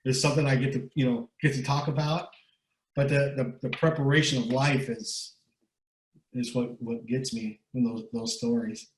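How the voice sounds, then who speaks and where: A man's voice: medium pitch, steady tone, normal speed, echoey room, slight background noise, poor audio. A middle-aged man speaking as an interview guest. He gives motivational talk, pushes his points hard, repeats words and keeps asking "right?". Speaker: guest speaker and recovery coach.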